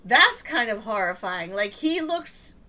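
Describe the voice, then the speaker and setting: A woman's voice: medium pitch, sing-song, a little slow, pushed and bright. A woman co-hosting a gaming video, chatting casually and playfully, often laughing and teasing her partner. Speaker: co-host of a gaming channel. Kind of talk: casual gameplay chat.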